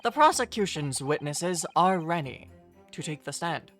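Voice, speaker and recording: A brisk court bailiff from a video game, calling people in with loud, formal announcements, as a woman puts him on. Faint music sits underneath. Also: deep voice, animated, pitched below the performer's own voice.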